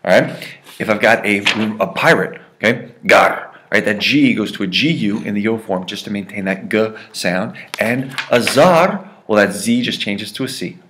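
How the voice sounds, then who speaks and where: A man's voice: fairly low pitch, moderate pace, noisy background. A man teaching a Spanish grammar lesson, playful and jokey, checking in with "right?" and "okay?" after nearly every point. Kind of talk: recorded classroom lesson.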